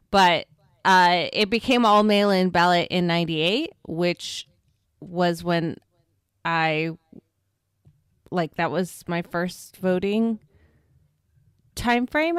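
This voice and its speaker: A woman co-hosting a podcast in relaxed casual chat, laughing easily. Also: on the low side, clean tone, dry recording, clean studio sound. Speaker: podcast co-host.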